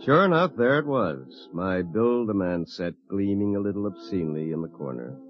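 A wry young lawyer tells his own story in a deep, low voice and a dry, storytelling manner. The sound is muffled like a vintage radio broadcast, with soft music underneath. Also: expressive, normal speed. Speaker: narrator. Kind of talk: 1950s radio drama narration.

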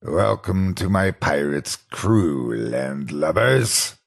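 A man's voice: deep voice, big pitch swings, vocal fry, exaggerated voice. Foxy, a man doing an old pirate animatronic. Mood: slow, menacing. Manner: slow pirate drawl. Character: old male pirate fox animatronic, gruff yet fond.

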